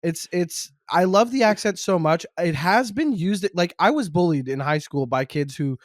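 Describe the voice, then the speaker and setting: A man's voice: high-pitched, moderate pace, no room sound, studio quality. A young man from Montreal, a stand-up comedian, chatting casually as a podcast guest and telling jokey stories. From Montreal, Quebec. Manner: animated, jokey storytelling.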